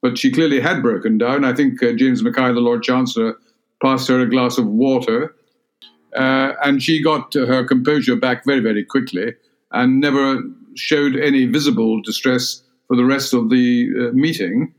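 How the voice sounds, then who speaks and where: Older Scottish man, measured and halting. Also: medium pitch, steady tone. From Scotland. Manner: measured, halting, many "uh" fillers and restarts. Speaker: interviewee, former cabinet minister. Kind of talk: reflective recollection in a sit-down interview.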